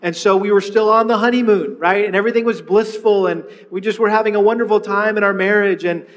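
A middle-aged man preaching a sermon, telling a personal story with lively retellings and frequent restarts. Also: high-pitched, fast talker, in a large hall. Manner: storytelling, animated, with many restarts. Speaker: pastor.

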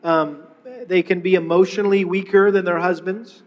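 A middle-aged man preaching a sermon, telling a personal story with lively retellings and frequent restarts. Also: high voice, moderate pace, in a large hall, lo-fi sound. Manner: storytelling, animated, with many restarts. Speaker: pastor.

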